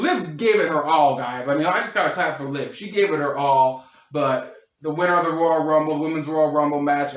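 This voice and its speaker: A man giving a casual spoken wrestling review, rambling and excitable with many restarts and fillers. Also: on the high side, roomy sound.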